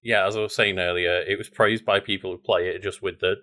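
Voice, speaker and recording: A man co-hosting a podcast, talking in a relaxed, rambling way with many fillers. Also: sits low, fairly quick. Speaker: podcast co-host. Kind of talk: casual chat.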